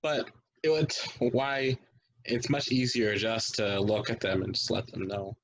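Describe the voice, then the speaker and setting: A man's voice: fairly low pitch, a little slow, no echo, rough recording. A man co-hosting a podcast, chatting casually in a laid-back, blunt way. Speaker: podcast co-host. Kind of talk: casual chat.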